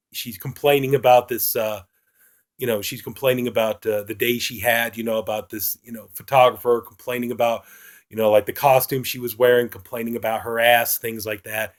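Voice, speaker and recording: A man's voice: mid-range voice, darkish tone. A man reviewing a film in a casual, rambling retelling, full of fillers.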